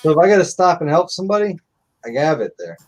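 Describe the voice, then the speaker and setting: A man's voice: on the high side, sing-song, quick pace. A middle-aged man telling stories in casual live-stream chat, blunt and profane.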